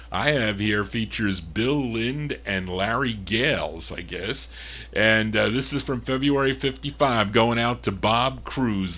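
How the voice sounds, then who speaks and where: A man's voice: mid-range voice, a bit bright. A man hosting a record show, chatting casually and correcting himself aloud as he introduces songs. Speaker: radio-style show host and record spinner.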